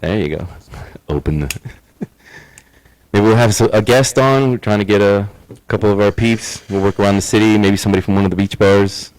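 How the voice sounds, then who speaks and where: A man co-hosting a podcast in casual chat, laid-back, swearing often and laughing, high from smoking. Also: brisk, a little mellow, clear, resonant tone, no echo, poor audio. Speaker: podcast co-host.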